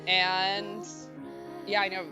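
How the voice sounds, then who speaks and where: A woman's voice: medium pitch, completely flat delivery, drawn-out words. A young woman streamer chatting casually and nervously while playing a game, babbling with lots of fillers. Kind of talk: casual let's-play chat. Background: game music.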